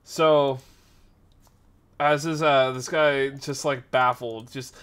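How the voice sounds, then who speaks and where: A man in his twenties hosting a podcast and livestream, telling stories in casual chat, full of fillers and sudden jumps in loudness. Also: medium pitch, smooth. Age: 20s. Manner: animated, filler-heavy, quick shifts in loudness. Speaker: podcast host and streamer.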